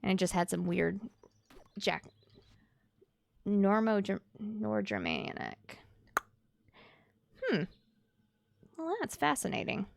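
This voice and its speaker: A woman's voice: mid-range voice, very animated, takes it slowly, gravelly, long pauses, dry recording. A woman from Louisiana chatting with her stream chat while she plays a game, musing and reading comments aloud.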